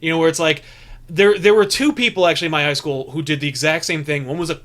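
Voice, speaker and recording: High bright-voiced man telling a rambling story. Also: fast. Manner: rambling storyteller with many restarts. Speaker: podcast co-host. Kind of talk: casual chat.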